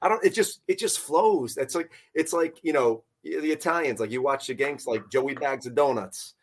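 A man's voice: fairly high pitch, normal speed. A man from the Connecticut and New York area, a podcast guest who tells easygoing stories and quotes his own past conversations. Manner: easygoing storyteller, quotes himself in dialogue. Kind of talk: casual storytelling.

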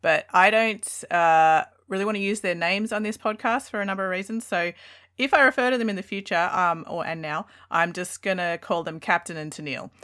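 A woman's voice: lowish voice, brisk, a bit bright. A woman, hosting a casual podcast and telling stories with frequent giggles. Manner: chatty, giggly, storytelling. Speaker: podcast host.

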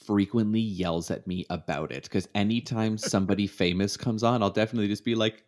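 A man from Canada co-hosts a podcast, cracking jokes and teasing his co-host. His voice sits very low, and the talk stays casual throughout. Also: brisk, a little mellow. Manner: joking and teasing. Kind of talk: casual chat.

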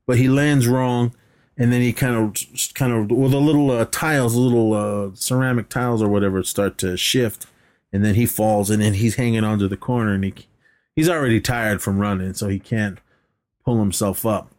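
A man's voice: on the low side, normal speed. A man co-hosting a podcast, casually recapping a movie scene by scene, swearing freely and acting out lines from it. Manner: animated retelling with acted-out quotes, swears freely, laughs often. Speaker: podcast co-host.

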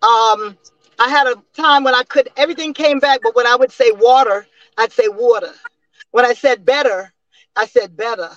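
A woman in her sixties, a singer and interview guest, telling stories in a lively way with laughs and restarts over a remote call. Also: on the high side, brisk, no room sound, lo-fi sound. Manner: animated storyteller with frequent laughs and restarts. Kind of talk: casual interview storytelling.

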